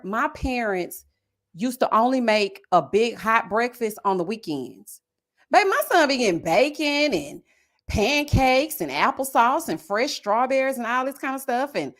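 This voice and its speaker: Animated Southern woman chatting on a livestream. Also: a little high, normal speed. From American South. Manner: chatty and animated, slangy, talks straight to viewers. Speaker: live-stream host. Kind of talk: casual live-stream chat reading comments.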